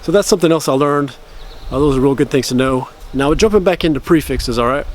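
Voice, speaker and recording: A man's voice: mid-range voice, slight background noise. A man chatting casually to camera about learning a language, explaining at length and correcting himself as he goes. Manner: rambling, self-correcting explanations; slow careful practice of phrases.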